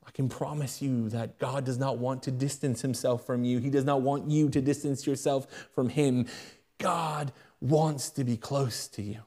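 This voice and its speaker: A young British man preaching a sermon as a pastor, swinging between loud raised appeals and hushed, quick asides. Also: mid-range voice, steady tone. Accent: British English.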